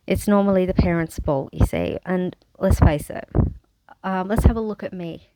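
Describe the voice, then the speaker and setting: A woman's voice: lowish voice, unhurried, mellow, clear, resonant tone, no room sound, rough recording. Frank, wry Australian woman vlogger. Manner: frank and wry, with bursts of sarcasm. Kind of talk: candid personal storytelling.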